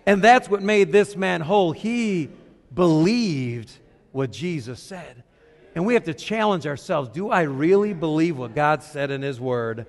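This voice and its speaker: Middle-aged man, pastor, sermon, high voice, rhetorical questions, hushed to loud. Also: animated, unhurried, long reverb tail.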